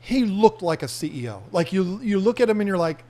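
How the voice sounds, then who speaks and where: A man's voice: high-pitched, sing-song, fairly quick, hardly any pauses, a little mellow. A man hosting a podcast in casual chat, mostly answering with short encouraging replies. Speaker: podcast host.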